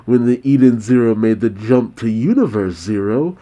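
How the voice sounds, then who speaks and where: A man voicing a smug, scheming male villain, delivered calmly and unhurriedly. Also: medium pitch, normal speed, close to an everyday voice.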